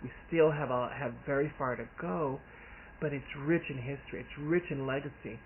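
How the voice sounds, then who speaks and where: A man from the Deep South, an author talking casually and earnestly, rambling with restarts. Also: moderate pace. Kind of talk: casual vlog talk. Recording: tinny phone-like audio with faint hiss.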